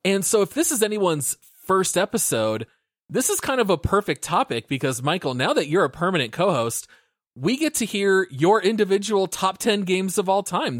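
In a dry, clean studio recording, a high-voiced man opens his gaming podcast with an upbeat, announcer-style intro. He then slips into casual conversation as the host.

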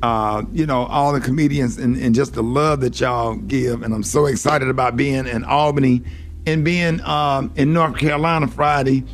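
A man hosting a radio show and doing comedy, speaking in a heartfelt, halting way with many fillers. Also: mid-range voice, fairly even intonation, faint music behind.

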